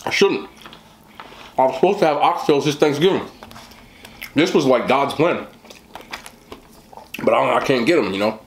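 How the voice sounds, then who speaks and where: A man's voice: mid-range voice, moderate pace, pauses often, reverberant, a little hiss or hum. A man hosting a casual eating vlog, chatting with his mouth full about the food. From West Indian family. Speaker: mukbang host.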